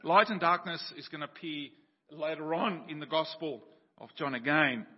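A male preacher giving a sermon, telling a story and explaining scripture, dropping quieter and slower on key words. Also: a little high. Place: church. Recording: dull sound with long church reverb.

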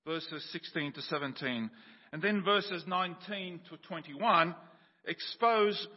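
A male preacher giving a sermon, telling a story and explaining scripture, dropping quieter and slower on key words. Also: a little high, husky. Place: church. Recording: dull sound with long church reverb.

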